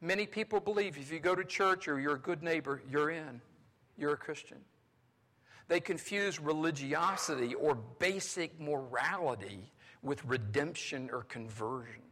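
A male pastor from North Carolina preaching a sermon, swinging between loud exclamations and hushed asides. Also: fairly high pitch, normal speed. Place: large church sanctuary. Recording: long hall reverb.

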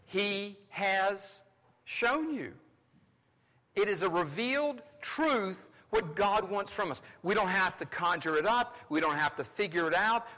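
A male pastor from North Carolina preaching a sermon, swinging between loud exclamations and hushed asides. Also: sits high. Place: large church sanctuary. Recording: long hall reverb.

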